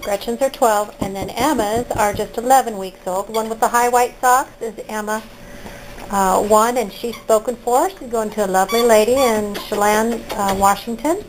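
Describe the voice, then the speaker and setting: A woman's voice: on the high side, steady tone, moderate pace, slight background noise, poor audio. A woman, a dog breeder, chatting cheerfully at home as she shows off her puppies. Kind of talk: casual chat while filming puppies.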